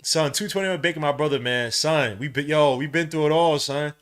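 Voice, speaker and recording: A man, hosting a fan podcast and calling a live game, swinging from low muttering to loud shouting, full of slang. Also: brisk. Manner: heavy slang, calls out plays between asides. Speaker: podcast host. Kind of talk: live fan watch-along commentary.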